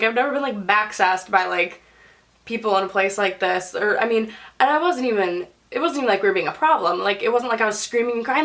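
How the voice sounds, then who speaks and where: A woman's voice: lively intonation, fairly quick, a bit bright. Chatty young woman telling a story. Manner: chatty, full of "like", acts out quotes in a high voice. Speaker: YouTube storyteller. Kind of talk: casual storytime vlog.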